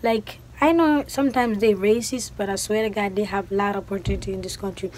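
A young woman from Guinea talks straight to her viewers in a loose, chatty vlog, her voice sitting at an ordinary middle pitch. She acts out the back-and-forth of the conversations she recounts. A faint hum of noise stays under the recording. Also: fast talker, poor audio. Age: 20s. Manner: animated storytelling, acting out quoted exchanges. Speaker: vlogger. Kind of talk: casual chat to camera.

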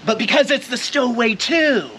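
A man's voice: very high-pitched, animated, moderate pace, noisy background. A middle-aged man doing a jokey unboxing vlog outdoors by his car, hyping the product and talking straight to his viewers. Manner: playful hype, talks straight to viewers. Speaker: vlogger reviewing gear.

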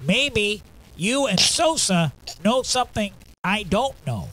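A menacing movie gangster, put on by a man with a pinched, nasal, held-nose sound. The voice sits high and swings widely in pitch. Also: sing-song, takes it slowly, pushed and bright, heavily acted. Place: radio studio.

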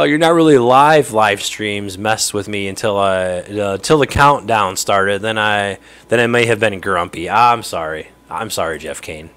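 A middle-aged man hosts a casual livestream from his home fishroom, rambling as he answers viewer chat and chuckles now and then. His voice is lowish and a bit bright.

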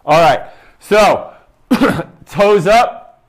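A man's voice: high voice, expressive, extremely slow. A young man, a fitness coach, leading a guided exercise session, counting reps aloud and giving short, upbeat cues. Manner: talks quietly to avoid shouting into the mic.

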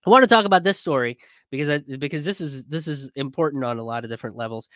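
A man's voice: mid-range voice, fast, fairly bright tone. A man giving casual, rambling political commentary, sarcastic and sweary, with many fillers and restarts. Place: in a car.

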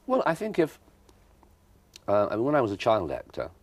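An older man from South answers questions in a televised interview. His voice sits very low, yet it swoops up and down a lot. He talks in a wry, self-deprecating way, stopping and repeating himself as he thinks. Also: wildly swooping pitch, normal speed, no room sound. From South London. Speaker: guest actor. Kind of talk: broadcast interview. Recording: TV studio interview from 1983.

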